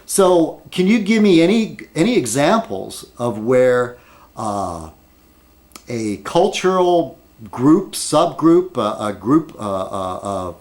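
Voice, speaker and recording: A man's voice: mid-range voice, a little mellow. A man rambling at his desk in an opinion video blog, arguing with many rhetorical questions and fillers. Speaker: video blogger.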